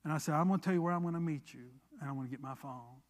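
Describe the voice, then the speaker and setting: A man preaching a sermon in a church, moving from emphatic declarations to a relaxed personal story told with quoted dialogue. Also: a little high, very fast, big-room sound. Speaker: pastor.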